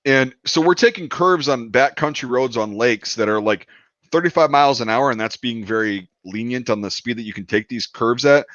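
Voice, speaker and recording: A man's voice: medium pitch, moderate pace, a bit bright, no echo. Profane rambling male storyteller. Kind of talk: casual storytelling. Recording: dull, dry lo-fi sound.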